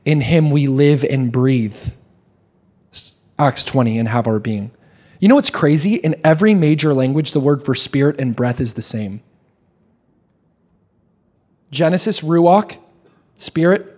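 A young man preaching a sermon, animated, with quick restarts and questions put to the congregation. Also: medium pitch. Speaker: pastor.

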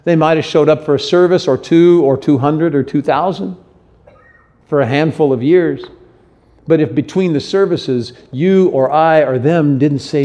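A man's voice: on the high side, normal speed, warm tone. A middle-aged man preaching a sermon as pastor, speaking earnestly and tenderly with frequent restarts.

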